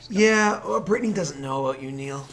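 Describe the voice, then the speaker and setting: A man from the United States running a tabletop game, chatting and joking with his players in a rambling, animated way. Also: fairly high pitch, fairly quick, faint music behind. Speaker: game master.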